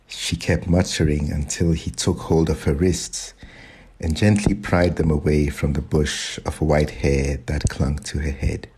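A man narrating a short story in a calm, measured reading voice. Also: a bass voice, breathy edge, poor audio. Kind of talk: audiobook narration.

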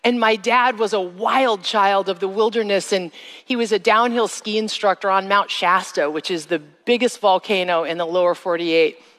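A woman's voice: steady tone, fairly bright tone. Woman preaching a testimony in a reverberant hall. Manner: slow, emphatic phrasing, rising to a high cry in re-enacted moments. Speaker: speaker giving a testimony. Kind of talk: sermon-style personal testimony. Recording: long reverb of a large hall.

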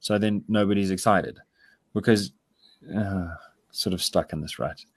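A man's voice: low voice, a little slow, slightly rough. A South African man co-hosting a podcast, talking politics in a rambling, casual way full of fillers. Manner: rambling, animated, filler-heavy.

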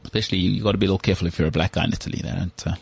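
A man with a husky, low-pitched voice, hosting a casual podcast. He rambles through animated stories, full of fillers and asides. The sound is dry and close to the mic. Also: rapid-fire, dry recording. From South Africa. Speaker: podcast host. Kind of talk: casual chat.

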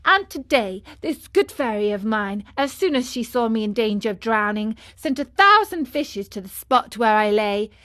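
A woman's voice: on the high side, a bit bright. A woman voicing a cheeky, cheerful wooden puppet boy in a storybook reading, teasing and playful. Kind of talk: audiobook character reading.

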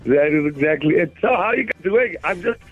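A South African man in his forties calls in to a radio show, joking and laughing easily. His voice sits high and swings widely. It comes over a slightly husky phone line with faint music behind. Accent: South African English. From Eastern Cape, South Africa. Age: 40s. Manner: jokey, animated, quick to laugh. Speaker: stand-up comedian calling in as guest. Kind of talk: casual radio chat.

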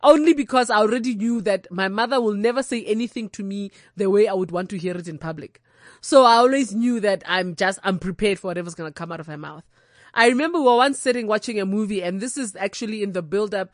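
A young South African woman telling candid, comic stories from her own life, animated and unfiltered. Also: medium pitch, quick pace, no echo, clean studio sound. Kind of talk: comic personal storytelling.

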